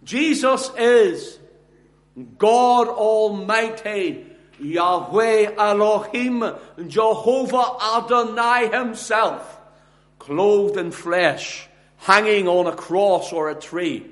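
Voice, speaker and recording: Slow, high-voiced man preaching emphatically. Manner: slow, emphatic, with big swings between soft and loud. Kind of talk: sermon.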